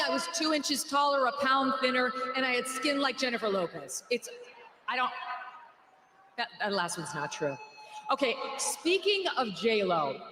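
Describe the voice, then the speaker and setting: A woman's voice: sits high, bright, forceful tone. A woman giving a political rally speech, joking and mocking in a sarcastic way. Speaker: rally speaker. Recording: echoey arena with faint crowd noise.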